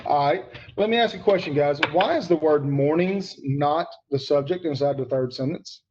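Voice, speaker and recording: A man's voice: fairly high pitch, normal speed, a little mellow, dull audio, slight background noise. A man teaching grammar to students online, emphatic and repeating key points, calling on students by name.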